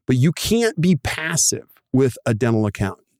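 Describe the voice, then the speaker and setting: This podcast host talks through practice numbers with enthusiasm, staging small acted-out dialogues along the way. His voice sits in the middle range, and the sound is clean studio audio with no room sound. He stays animated, slipping into other people's voices in brief asides.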